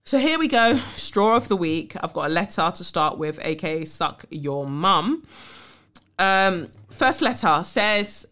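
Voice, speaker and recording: Outspoken low-voiced woman podcaster. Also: expressive, slow pace, a bit bright. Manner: emphatic, outspoken, swears freely. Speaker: podcast host. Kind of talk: casual podcast chat and letter reading.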